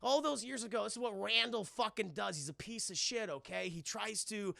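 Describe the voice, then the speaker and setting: A man's voice: high voice, brisk, gravelly, sharp tone, no echo, pitched above the performer's own voice, full character voice. A man voicing an indignant female gargoyle who swears and scolds. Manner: swearing, exasperated.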